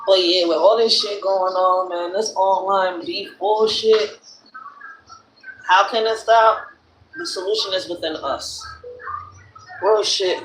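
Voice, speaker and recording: A hoarse woman with a Philadelphia accent hosting a casual livestream, telling stories bluntly with plenty of profanity. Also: medium pitch, steady tone, slow, long pauses, slight background noise. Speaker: live stream host. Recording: roomy echo.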